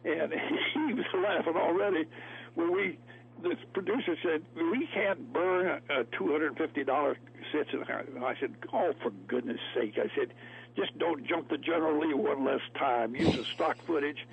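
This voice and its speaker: A man's voice: on the high side, moderate pace, gravelly, husky. A man telling folksy stories as a guest, laughing often. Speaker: actor guest. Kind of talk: storytelling interview. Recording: tinny phone line, radio.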